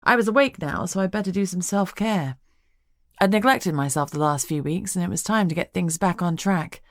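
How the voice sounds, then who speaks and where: A woman narrating a first-person audiobook with a wry, lively storytelling manner. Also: on the low side, moderate pace, no room sound, clean studio sound.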